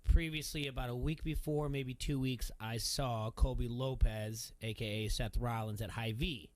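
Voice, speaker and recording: A male sports radio host talks through a long, wandering story, laughing as he goes. His voice sits in a middle pitch. The studio sound is close and dry. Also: fairly even intonation, normal speed, no echo. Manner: rambling storyteller, laughs often. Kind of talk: casual chat.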